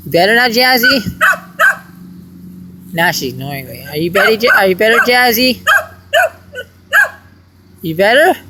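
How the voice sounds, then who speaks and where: A woman's voice: a little high, sing-song, a little slow, pauses often, heavy background noise. A woman talking to her pet dog, scolding and teasing it, then apologizing, in casual chat. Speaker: dog owner.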